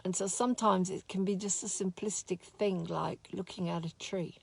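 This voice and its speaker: A woman teaching a spiritual course in a slow, soft, heartfelt way, openly sad as she talks. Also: fairly low pitch, fairly even intonation, gravelly, slightly rough, dry recording. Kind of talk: reflective spoken talk.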